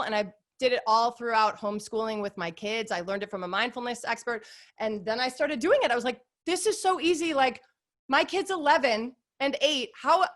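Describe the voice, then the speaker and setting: A woman in her forties, a guest on an interview podcast, talking in a casual, upbeat and earnest way with lots of filler words. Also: on the high side. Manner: upbeat, warm, earnest with lots of "like" and "you guys".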